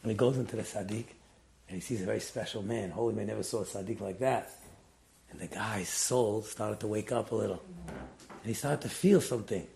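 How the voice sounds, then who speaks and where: A man's voice: a little fast, vocal fry, a little hiss or hum. A man telling a story in a Torah class, acting out the characters big swings in voice. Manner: animated storyteller, acts out quotes with big pitch jumps. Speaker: rabbi.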